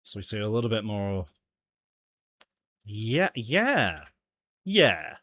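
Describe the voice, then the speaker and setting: A man's voice: fairly low pitch, wildly swooping pitch, slow, a bit bright, slightly rough, no echo. Chatty man musing as he works. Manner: chatty, laughs often, mutters to himself. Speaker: game developer streaming his jam entry. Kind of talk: casual livestream chat while working.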